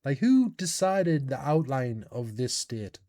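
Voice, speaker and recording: A British man hosting a casual reaction video, animated and thinking out loud with questions and exclamations. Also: mid-range voice, takes it slowly, no echo, studio quality. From United Kingdom.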